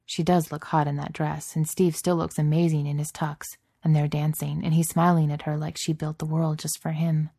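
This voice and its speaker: Low-voiced woman reading a story aloud. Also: little pitch movement, normal speed, gravelly, few pauses, mellow, no echo, clean studio sound. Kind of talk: reading fan fiction aloud.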